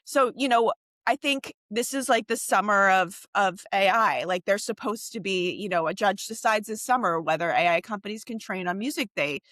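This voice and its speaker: A woman co-hosting a podcast talks in a loose, rambling way, full of "like" and "you know" and restarts. Her voice sits at an ordinary middle pitch and is recorded close and dry, with no room sound. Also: normal speed, fairly bright tone, no echo. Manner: chatty, many fillers and restarts. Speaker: podcast co-host. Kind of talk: casual podcast discussion.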